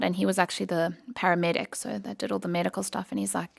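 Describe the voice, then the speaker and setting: Gravelly-voiced woman from South Africa. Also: medium pitch, little pitch movement, quick pace. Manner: emotional storytelling, quoting others, many "um"s. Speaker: guest. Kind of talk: personal story in podcast interview.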